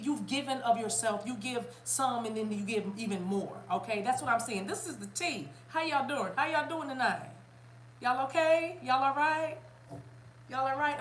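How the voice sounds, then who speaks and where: A chatty, animated woman from South Carolina, giving a casual spiritual reading to her viewers. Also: medium pitch, echoey room, slight background noise. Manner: animated, chatty, bursts into laughter and song. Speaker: spiritual reader.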